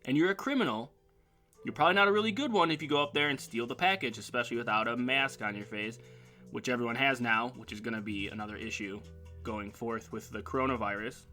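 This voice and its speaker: A man's voice: medium pitch, quick pace, bright, forceful tone, soft background music. Joking man rambling on his solo show. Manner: rambling, jokey, reads sponsor ads in a hyped voice. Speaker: internet radio show host. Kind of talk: casual solo talk show.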